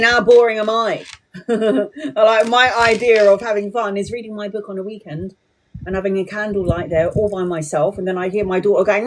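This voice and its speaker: A middle-aged woman giving a live tarot reading in a blunt, profane, animated way. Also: medium pitch. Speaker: tarot reader.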